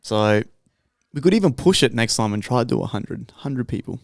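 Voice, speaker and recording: Blunt, profane podcast host. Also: male voice, medium pitch, expressive, normal speed, gravelly, no echo, studio quality. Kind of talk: casual podcast chat.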